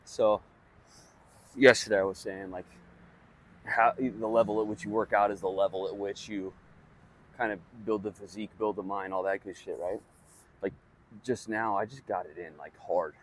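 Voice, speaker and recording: A man's voice: fairly low pitch, fairly even intonation, normal speed, long pauses, a little hiss or hum. A young man talking bluntly and casually to camera, swearing often and padding his thoughts with fillers as he shares self-help reflections. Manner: blunt, profane, conversational, heavy on fillers. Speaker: vlogger sharing personal growth.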